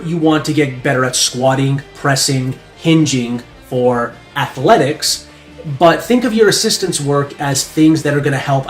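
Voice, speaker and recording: A man explaining strength training as a coach, in a casual, quick explanatory delivery. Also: fairly high pitch. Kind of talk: educational talk to camera. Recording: echoey room with faint music.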